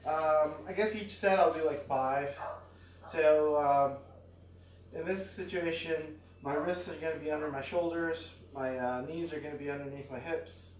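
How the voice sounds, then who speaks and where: A man's voice: a little high, measured pace, distant mic, a little hiss or hum. Tired man vlogging from across a roomy space. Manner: relaxed, rambling, many fillers. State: tired after exercise. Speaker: fitness vlogger. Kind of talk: casual exercise vlog. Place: at home near a backyard.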